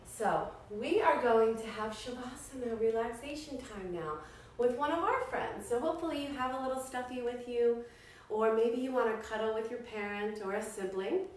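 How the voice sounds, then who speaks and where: A woman teaching kids' yoga, telling a story in a playful, animated, encouraging way. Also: fairly high pitch, normal speed. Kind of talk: storytelling yoga class for children. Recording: echoey room, voice far from mic, faint noise.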